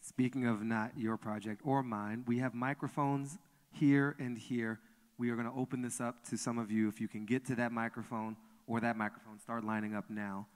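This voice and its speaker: A man moderating a live onstage conversation, talking in a relaxed way to the guest and the audience. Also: mid-range voice, normal speed. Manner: relaxed, brief affirmations, addresses the audience directly. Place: large museum auditorium before an audience. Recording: long hall reverb from a live auditorium.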